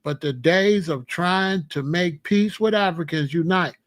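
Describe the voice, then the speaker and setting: A man from the United States hosting a casual monologue, telling stories in an emphatic, profane, animated way. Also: sits high, measured pace. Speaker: commentary host.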